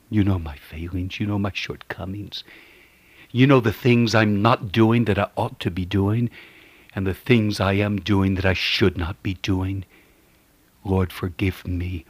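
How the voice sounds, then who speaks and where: A man preaching a radio sermon, swinging between fervent swells and hushed whispers as he quotes scripture. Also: low voice, steady tone, a little slow, breathy edge, no room sound.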